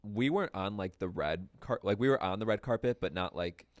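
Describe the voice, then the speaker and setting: A young man co-hosting a casual pop-culture podcast chat, relaxed and agreeable, with plenty of filler words. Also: on the low side, a little fast, no echo, studio quality. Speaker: podcast co-host.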